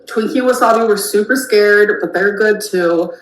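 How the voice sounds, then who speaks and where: A woman with a mid-range voice vlogs casually to camera at normal speed, rambling through everyday updates and product recommendations in a chatty way. The recording is roomy with faint noise.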